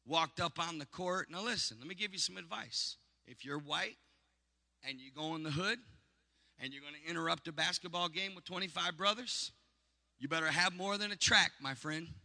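A man preaching a sermon, telling stories and calling for response, building to shouts. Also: fairly high pitch, normal speed, vocal fry, long reverb tail. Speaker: pastor.

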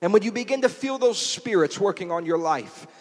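High-voiced preacher in echoey hall. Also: male voice, animated, a little fast. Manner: rhythmic repetition building to shouts. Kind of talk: sermon. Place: portable church.

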